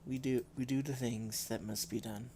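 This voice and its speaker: A man's voice: medium pitch, fairly even intonation, normal speed, mellow, slight background noise. A man live-streaming a game from home on a desk microphone, rambling in a casual, self-deprecating way with frequent restarts and sighs.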